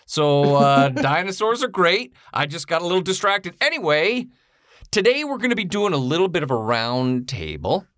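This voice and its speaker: Excitable rambling man on a video call. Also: a little high, normal speed, dry recording, studio quality. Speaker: podcast co-host. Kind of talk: casual chat.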